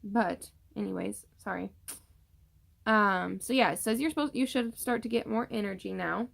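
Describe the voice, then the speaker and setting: A woman's voice: medium pitch, normal speed, vocal fry, a bit bright. A young woman casually chatting through a pregnancy update vlog, rambling with many fillers and tired from yawning. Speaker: vlogger.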